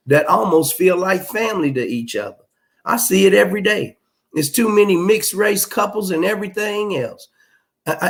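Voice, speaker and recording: A middle-aged man, hosting a livestream and reading out chat comments in a blunt, emphatic, profane way. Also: on the high side. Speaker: livestream host.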